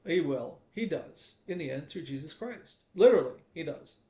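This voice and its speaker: Male streamer, gravelly, slightly high, chatty and preachy; roomy echo. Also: lively intonation, moderate pace, mellow. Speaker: live streamer. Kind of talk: casual live-stream rant. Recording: echoey room.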